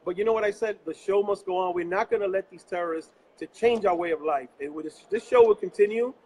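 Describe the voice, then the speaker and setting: A man's voice: high voice, quick pace, a little mellow, low-quality recording. A man from New York hosting a live interview show, speaking earnestly like a preacher, recorded on location instead of at his office. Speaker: host.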